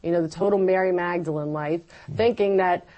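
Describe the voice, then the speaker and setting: Lively, low-voiced woman telling her story. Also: a little fast, lo-fi sound. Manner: animated storytelling, acting out her own past words. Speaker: interview guest. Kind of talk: personal faith testimony.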